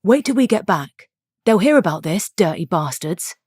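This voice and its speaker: A woman reading aloud, voicing a gruff, protective husband with a northern English accent who talks bluntly and mutters. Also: deep voice, moderate pace, darkish tone, no echo, studio quality.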